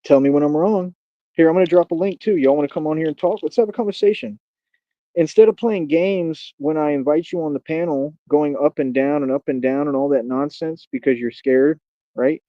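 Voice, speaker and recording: A man's voice: on the high side, no echo. Combative man ranting on a livestream. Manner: combative, taunting, repeats "bro". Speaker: livestream host. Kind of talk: livestream rant to chat. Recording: dull lo-fi stream audio.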